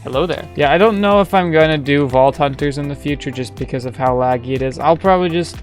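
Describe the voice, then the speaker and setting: A man's voice: fairly high pitch, fast talker, faint music behind. A young man giving casual, rambling commentary on his gameplay, joking and chatting with his viewers. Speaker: gaming streamer.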